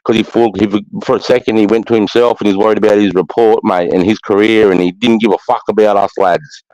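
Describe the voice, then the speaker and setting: A man's voice: fairly low pitch, steady tone, fast, a little mellow, no room sound, highs cut off. A middle-aged Australian man, a former army sergeant, telling war stories in casual chat, bluntly and with constant swearing. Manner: blunt, heavy swearing, keeps adding "mate".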